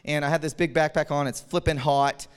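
A man preaching, telling a personal story with animated energy and frequent chuckles. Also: a little high, a little fast, clear, resonant tone. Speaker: pastor. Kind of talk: storytelling sermon. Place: church hall. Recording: reverberant hall.

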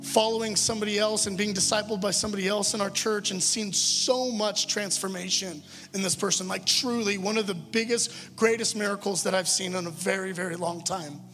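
Male pastor, high-pitched, earnest and conversational sermon delivery, recorded in a reverberant church hall over faint music. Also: fairly even intonation, a little fast, few pauses, fairly bright tone. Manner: earnest, conversational preaching with stumbles.

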